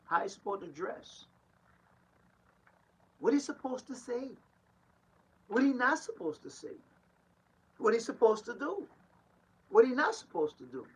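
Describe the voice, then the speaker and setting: Emphatic gravelly New pastor. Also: male voice, extremely high pitch, big pitch swings, a little slow, long pauses, poor audio. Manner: emphatic and rhetorical, repeats lines and laughs between points. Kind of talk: street-style preaching monologue.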